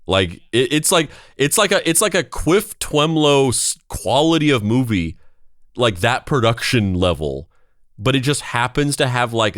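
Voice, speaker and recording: A man's voice: medium pitch, dry recording, studio quality. A man hosting a podcast, chatting casually with rambling, profane talk and reading narration parts. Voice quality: rambling, profane, filler-heavy. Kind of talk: casual chat and read narration.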